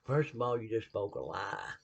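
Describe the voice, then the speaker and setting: A man's voice: fairly low pitch, big pitch swings, moderate pace, creaky. A man with a Southern US accent giving a casual sermon-style talk, folksy and blunt, with laughing asides. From American South.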